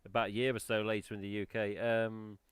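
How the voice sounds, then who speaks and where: A man's voice: lowish voice, flat delivery, smooth, no echo. Chatty English man hosting a live stream. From England. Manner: chatty, quick to laugh, lots of "yeah". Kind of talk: casual live stream chat.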